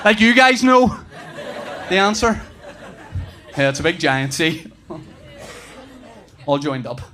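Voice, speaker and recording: Rich: A man in his thirties doing stand-up, his voice pitched a little higher than most men's and swinging widely as he tells his stories. He bursts into laughter and shouts out his punchlines, with faint ambient noise behind him. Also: sing-song, takes it slowly, some chatter behind. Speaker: stand-up comedian. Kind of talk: stand-up routine.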